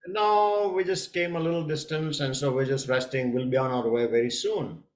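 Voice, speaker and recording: Man doing a calm modest swan. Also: a little high, roomy sound, natural voice. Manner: unhurried, modest. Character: calm, patient male swan.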